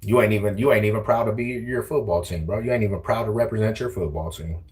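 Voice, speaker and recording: Taunting low-voiced man streaming from a car. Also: fast, a little mellow. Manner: taunting, slangy trash talk. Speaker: livestreamer. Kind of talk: casual trash-talk livestream.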